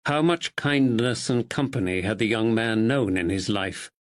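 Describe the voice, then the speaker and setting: A man reading a mystery audiobook in a measured, expressive style. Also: on the low side. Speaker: audiobook narrator. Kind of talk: scripted narration.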